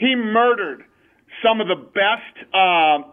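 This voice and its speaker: A man's voice: high voice, animated, slow pace. A man being interviewed over the phone, talking in a blunt, emphatic way. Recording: tinny phone line.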